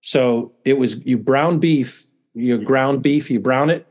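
A man's voice: mid-range voice, takes it slowly, a little mellow. A middle-aged man, a university dean, chatting as a guest in a casual interview, self-deprecating and often restarting his sentences.

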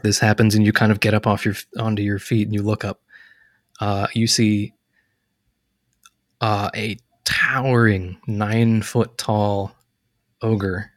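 A man narrating as game master of a tabletop game, relaxed and full of fillers. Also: on the low side, dry recording, clean studio sound. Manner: relaxed, hesitant, lots of fillers.

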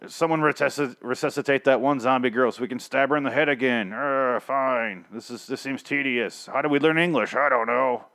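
A man's voice: mid-range voice, a little fast, few pauses, a bit bright, close to an everyday voice. A man doing a griping, dim-witted zombie. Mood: grumbling.

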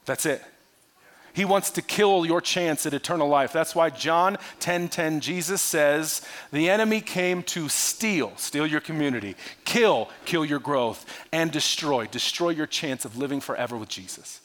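A male pastor preaching a sermon with animated delivery, swinging between loud bursts and hushed, quiet lines. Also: on the high side, measured pace.

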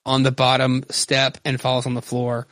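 A man's voice: medium pitch, monotone, normal speed, a bit bright, no room sound. A man on a casual podcast chat, retelling a story with animation and plenty of swearing, recorded close to the mic. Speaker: podcast co-host.

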